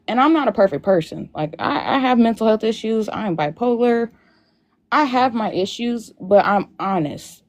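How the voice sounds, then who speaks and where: A young woman calls into a live Q&A by video and tells her personal story through tears, rambling and saying "like" constantly. Her voice is medium-pitched with a darkish tone.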